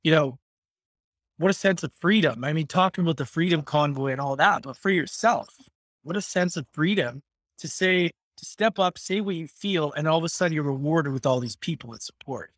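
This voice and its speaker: Guy hosting a chat, agreeable, kinda high voice, dry sound. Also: brisk, a bit bright, no room sound. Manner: affirming, conversational. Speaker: podcast host. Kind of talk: casual interview.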